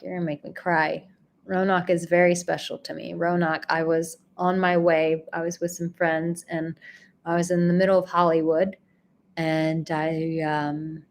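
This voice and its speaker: A woman hosting a live stream, reading out viewers' comments and thanking them in a gentle, effusive way. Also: lowish voice, flat delivery, a little slow, a little hiss or hum. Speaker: livestream host and relationship coach.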